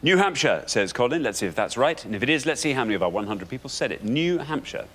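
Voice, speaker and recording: A man's voice: mid-range voice, big pitch swings, quick pace, fairly bright tone, a little hiss or hum. A man hosting a quiz show, announcing with playful, theatrical energy. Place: TV studio with audience.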